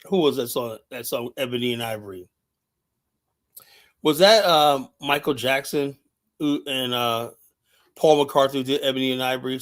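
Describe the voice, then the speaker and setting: A man's voice: mid-range voice, a bit bright. A man hosting a livestream, delivering a blunt, profane, rambling rant. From United States. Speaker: podcast host. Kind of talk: livestream monologue.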